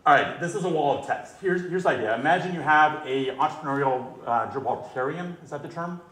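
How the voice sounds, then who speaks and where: A man's voice: on the high side, fairly quick, a bit bright. A male lawyer giving a conversational conference presentation, telling anecdotes and polling the audience. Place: conference hall. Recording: echoey hall with faint ambience.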